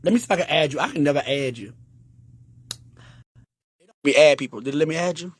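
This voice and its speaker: A man hosting a casual livestream, talking in a flamboyant, sassy and profane way, with big swings in pitch. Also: fast, breathy edge, dry recording. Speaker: livestream host.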